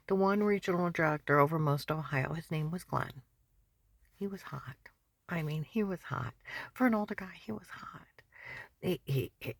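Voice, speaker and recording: Husky, gravelly woman telling a rambling story. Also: fairly low pitch, no echo. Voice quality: often drops to a breathy whisper. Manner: agitated, repetitive storytelling. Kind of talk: rambling personal monologue.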